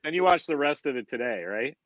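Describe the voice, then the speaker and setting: A man's voice: medium pitch, expressive, a little fast, a bit bright, no room sound, highs cut off. A man co-hosting a podcast in casual chat, joking and teasing his co-host.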